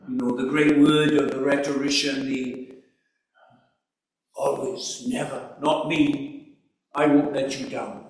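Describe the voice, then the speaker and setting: A man's voice: mid-range voice, level tone, slow pace, long pauses. A man preaching a sermon in an earnest, emphatic way, asking rhetorical questions. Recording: echoey hall recorded from far off.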